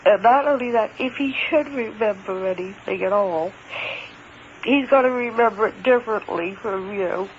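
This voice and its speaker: A man telling a strange encounter in the first person, in a hesitant, halting way that repeats words and grows emphatic. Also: high voice. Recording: dull lo-fi recording with faint hiss.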